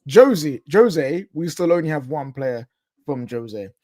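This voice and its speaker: A man co-hosting a casual football fan podcast, talking in lively quick bursts that trail off. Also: medium pitch, no room sound. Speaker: podcast co-host.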